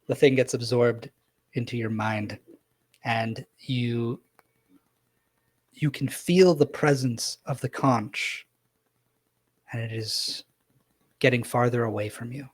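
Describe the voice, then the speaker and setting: Husky-voiced man narrating as game master. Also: medium pitch, slow pace, pauses often, no echo. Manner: casual, animated, descriptive with frequent fillers.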